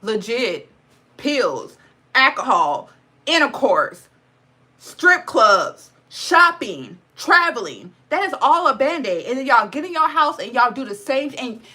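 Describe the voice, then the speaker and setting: A woman's voice: sing-song, takes it slowly, sharp tone. A woman vlogger talking about spirituality with a Black dialect. She speaks bluntly, swears a lot, and keeps close to tears. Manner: mocks others in high sarcastic voice. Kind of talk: impassioned casual monologue.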